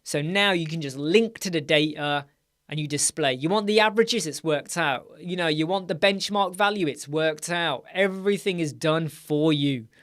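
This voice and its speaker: A man's voice: on the high side, fairly bright tone. Tired British man hosting a rambling live Q&A. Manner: rambling, self-correcting, asks "right?" often. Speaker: livestream host. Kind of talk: live Q&A stream.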